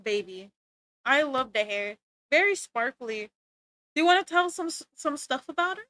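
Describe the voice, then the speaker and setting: A woman talks casually to her livestream chat, bubbly and quick to laugh. Her voice sits high and bright. The sound is close and dry. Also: lively intonation, dry recording. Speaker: art streamer.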